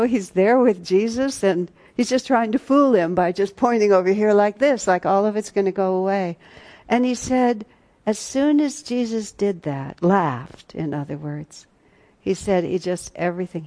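A woman's voice: mid-range voice, animated, moderate pace. A woman leading a spiritual retreat class, telling a story in a conversational way with many restarts. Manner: conversational storytelling, many restarts, shifts between soft and loud. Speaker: retreat teacher.

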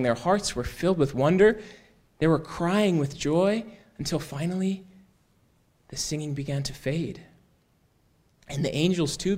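A man telling a story aloud in an unhurried, conversational way, often repeating "he said" and restarting phrases. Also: fairly high pitch, a little mellow. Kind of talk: oral storytelling.

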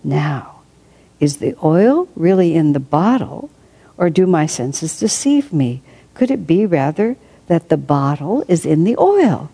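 A woman's voice: sits low, big pitch swings, unhurried, dark tone, breathy edge, heavily acted. A woman voicing a pompous, muddled male philosopher who speaks grandly and then hastily. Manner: grand, then flustered and hasty.

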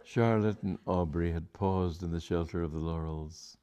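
Low-voiced man, comic story reader, amused, chuckling, casual stumbles. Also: fairly even intonation, normal speed, mellow, clear, resonant tone. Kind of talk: reading a comic story aloud.

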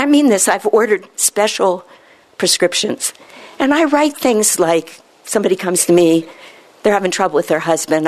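A woman internist telling a story from her practice, acting out the dialogue with lively quoting. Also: on the low side. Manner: animated, acts out quoted dialogue. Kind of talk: storytelling talk.

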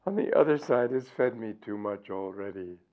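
A man's voice: lowish voice, lively intonation, moderate pace, mellow, lightly acted. A man reading aloud and voicing a sleepy, contented male god. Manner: sleepy, apologetic. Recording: tinny lo-fi recording.

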